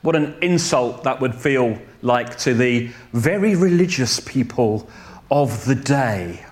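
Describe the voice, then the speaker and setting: A man preaching a sermon in a slow, deliberate way, pausing to correct himself and adding a light joke now and then. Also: mid-range voice, lively intonation, a little mellow.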